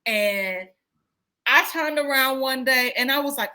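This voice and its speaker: A woman's voice: high voice, measured pace, pushed and bright. A young woman as a podcast guest, talking casually and filling her speech with "like". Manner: chatty, frequent "like" fillers. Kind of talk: casual chat.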